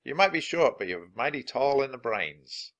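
A man's voice: mid-range voice, very animated, normal speed, a bit bright, voice pushed up. A man voicing an easygoing adult cowboy who herds mustangs, with a folksy drawl.

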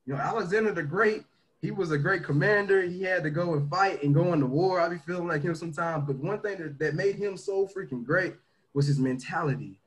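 A man leading a motivational livestream talk on leadership, energetic and slangy, swinging between loud pushes and quieter asides. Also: a little high, fairly quick, rough recording. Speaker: team leader teaching leadership.

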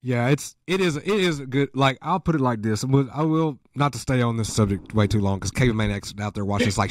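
A man hosting a casual interview, chatty and animated, telling stories with bursts of excitement. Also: fast, hardly any pauses, no room sound, clean studio sound. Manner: animated storyteller, jumps high when excited. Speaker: host.

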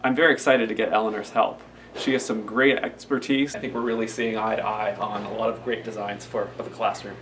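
A man's voice: fairly low pitch, level tone, a little fast. A male teacher talking casually in a comedy sketch, eager and folksy. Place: school classroom indoors. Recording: distant mic with clear noise.

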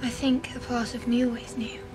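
Drama clip: gentle posh princess, actress, high and level, hushed. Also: female voice, level tone, moderate pace, over music, lightly acted. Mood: tender. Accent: posh southern English.

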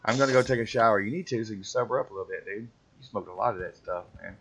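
Rapid-fire and husky, his fairly low voice has a fairly bright edge as he banters over a game with friends on stream. He mocks them in slang and slips into silly voices; the recording is muffled and lo-fi with faint background music.

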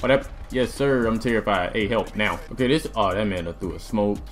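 A young man giving excited gameplay commentary as a gaming video host, loud and jumpy, repeating himself in bursts. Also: fairly low pitch, a little fast. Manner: hyped, loud outbursts, repeats phrases, laughing. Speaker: gaming YouTuber. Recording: faint music and gunfire behind.

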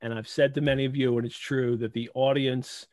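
A man hosting a live video call, giving heartfelt, halting thanks to his co-hosts and audience while holding back tears. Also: mid-range voice, flat delivery, a little mellow, dry recording. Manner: heartfelt, halting, many restarts. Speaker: host. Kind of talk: emotional closing remarks on a live video call.

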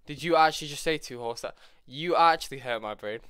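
A man's voice: fairly high pitch, fairly quick, a bit bright, clean tone, no echo, studio quality. Young man with a lisp. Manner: teasing, joking, coughs often. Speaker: streamer. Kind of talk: casual gaming banter.

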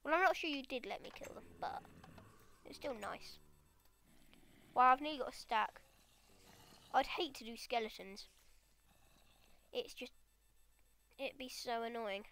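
A woman giving excitable let's play commentary, chattering at the monsters in her game. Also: on the high side, measured pace, long pauses. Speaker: gamer.

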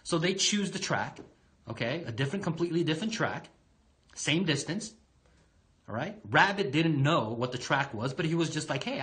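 A man telling a fable as a motivational talk. He is animated and keeps tagging his points with "right?". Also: medium pitch. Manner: animated, with repeated "right?" asides. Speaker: motivational speaker. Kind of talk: motivational storytelling.

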